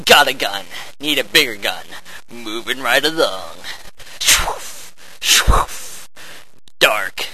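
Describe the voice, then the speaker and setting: A man giving over-the-top, theatrical narration while playing a shooter game, full of shouty bravado. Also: mid-range voice, expressive, a little slow, poor audio. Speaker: game player. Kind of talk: hammy gameplay narration.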